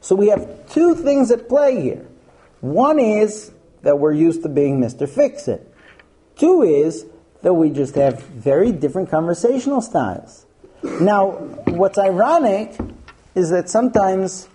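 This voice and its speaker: A man gives a lively lecture, telling anecdotes and acting out the people in them. He sets out his points one by one. His voice sits a little high, with a soft, mellow tone. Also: measured pace. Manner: storytelling, acts out quotes, numbered points. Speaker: speaker giving a talk on marriage. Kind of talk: humorous lecture to an audience.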